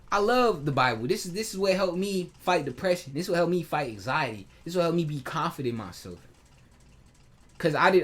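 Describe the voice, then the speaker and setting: A man's voice: high voice, fairly bright tone. A man venting in a personal vlog, heated and hurt, swearing freely and restarting his sentences often. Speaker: vlogger. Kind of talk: emotional personal vlog rant.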